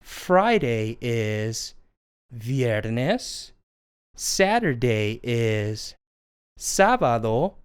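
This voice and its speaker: A puppeteer voicing a friendly little sparrow puppet who teaches children, speaking in an encouraging, drawn-out way. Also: mid-range voice, sing-song, clean tone, no room sound. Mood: cheerful. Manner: sing-song, encouraging, drawn-out words. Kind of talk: children's lesson.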